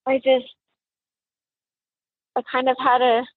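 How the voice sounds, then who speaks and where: A woman, a mother, recounting a personal tragedy in halting, emotional speech with many fillers and restarts. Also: high voice, monotone, husky, no room sound, phone-quality sound. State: tearful, emotional. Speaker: mother of a crime victim.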